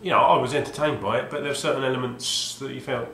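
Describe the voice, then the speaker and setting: Talking quickly in a mid-range voice with fairly even intonation and a fairly bright tone, a male video game collector rambles through a casual monologue. He's hesitant and wry and restarts often. The recording, made at home, is reverberant with slight background noise.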